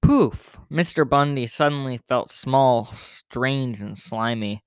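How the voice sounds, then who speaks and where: A man hosting a podcast, reading a children's picture book aloud in a relaxed, informal way with small self-corrections. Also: medium pitch, takes it slowly, clear, resonant tone, no room sound, clean studio sound. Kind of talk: storybook read-aloud narration.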